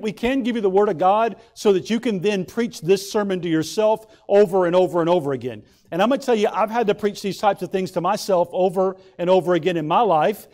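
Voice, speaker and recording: Male pastor, fairly high voice, earnest preacher who slows and swells on scripture. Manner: earnest, builds to louder, higher emphasis; slows down and draws out scripture readings. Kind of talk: sermon.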